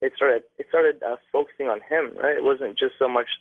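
Young male caller from Canada, halting phone storyteller, tinny and dry line. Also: medium pitch, fairly even intonation, dry recording. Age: young adult. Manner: halting, many fillers and restarts.

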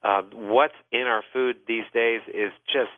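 A man's voice: medium pitch, steady tone, unhurried, no echo. A man, a doctor hosting a call-in health show, explaining at length with many "uh" fillers. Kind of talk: call-in radio advice. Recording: thin phone-like dry sound.

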